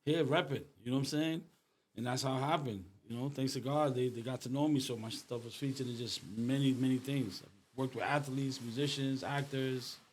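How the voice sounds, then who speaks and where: A middle-aged artist from Rhode Island, a guest in a casual conversation, talks in a mid-range voice at a fairly quick clip. He's an animated storyteller who leans on street slang and says "bro" constantly.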